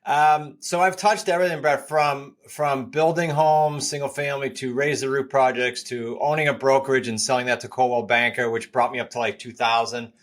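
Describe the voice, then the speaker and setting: A middle-aged man guests on a podcast. He talks briskly and directly in a mid-range voice. His delivery is matter-of-fact. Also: medium pitch, steady tone. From Boston area, New England. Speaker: guest, real estate coach. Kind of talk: podcast interview.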